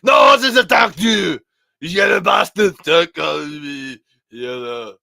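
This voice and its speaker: A man doing an impression of a hot-tempered male action star with a put-on Austrian accent and a loud barking delivery. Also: a little high, slow pace, vocal fry, dry recording, clean studio sound, pitched above the performer's own voice, full character voice. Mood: angry shouting. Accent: Austrian German, put on.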